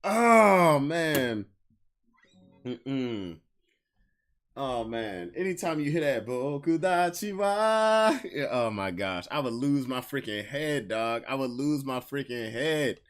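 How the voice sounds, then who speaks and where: A man's voice: medium pitch, expressive, slow pace. A man hosting a podcast stream, tipsy, chatting loosely in slang while fiddling with a guitar. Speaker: podcast host. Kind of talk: casual livestream chat. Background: guitar strumming.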